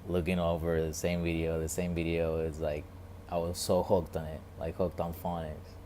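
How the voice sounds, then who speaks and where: A man vlogging a casual reflective monologue, talking quietly and rambling with many restarts and repeated words. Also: low voice, flat delivery, moderate pace, slight background noise.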